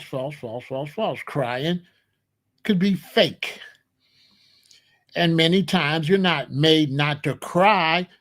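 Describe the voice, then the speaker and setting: A man hosting his own commentary, arguing emphatically with rhetorical questions and repeated points. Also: fairly high pitch. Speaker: commentary host. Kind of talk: casual spoken commentary.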